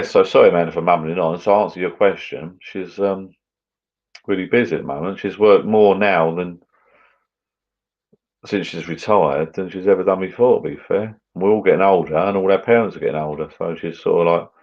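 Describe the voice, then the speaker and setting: A middle-aged man hosts a casual live chat over drinks from his garden bar shed at home, rambling and mumbling as he reads out comments. His voice is low, and the recording's highs are cut off.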